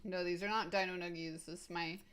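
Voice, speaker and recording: Chatty woman with a slightly low voice. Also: steady tone, fast talker, a bit bright, clean tone. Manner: rambling, filler-heavy with frequent "like" and "um"; enthusiastic, laughs easily. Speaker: streamer. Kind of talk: casual live-stream chat answering viewers.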